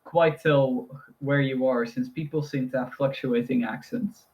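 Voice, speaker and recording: A man's voice: medium pitch, steady tone, a little slow, darkish tone. A man narrating a tabletop role-playing game as game master, improvising scenes with loose, rambling description.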